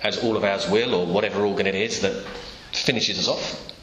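A man's voice: lowish voice, steady tone, a little fast, a bit bright, a little hiss or hum. A man preaching a sermon in a church, telling the story through imagined dialogue. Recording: echoey church room, faint ambience.

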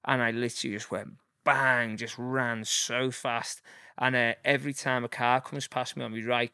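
A man's voice: medium pitch, vocal fry, sharp tone, no room sound, studio quality. A man in his forties with a Liverpool accent, telling stories in a rambling, casual way with lots of fillers. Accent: Liverpool (Scouse). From Liverpool, England. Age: 40s. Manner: rambling, many fillers, acts out voices. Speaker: guest. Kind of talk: casual storytelling.

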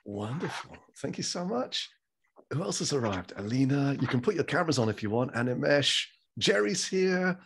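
A man's voice: mid-range voice, big pitch swings, normal speed, gravelly, a bit bright, a little hiss or hum. A man from England hosting an online forum over a video call, friendly and chatty, laughing often. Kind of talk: casual video call chat.

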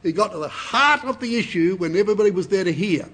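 Husky guy preaching a bible study, high voice that swings up and down, dramatic readings. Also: quick pace. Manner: animated, dramatic scripture reading with rhetorical questions.

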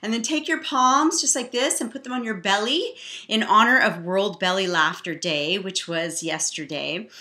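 Laughter coach, woman, middle-aged; bright tone, encouraging, bursts into cheers. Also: medium pitch, moderate pace. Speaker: laughter yoga teacher. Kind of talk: guided laughter exercise.

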